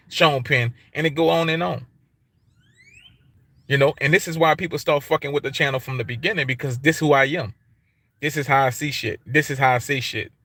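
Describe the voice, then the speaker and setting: A man with an African American English accent, ranting on a livestream in a bright, tense voice. He talks in street slang, swears heavily and circles back to repeat his points. His voice sits a little high and sounds dry and close. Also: no echo. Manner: repetitive, emphatic, heavy swearing, street slang. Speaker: YouTube livestream host. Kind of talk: profane casual livestream rant.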